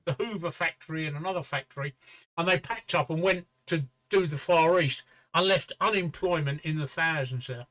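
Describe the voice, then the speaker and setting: Bright-voiced older English storyteller. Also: male voice, fairly high pitch, moderate pace, a little hiss or hum, poor audio. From England. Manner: chatty storyteller, swears freely, acts out quoted voices. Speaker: livestream co-host. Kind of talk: casual chat, telling an anecdote.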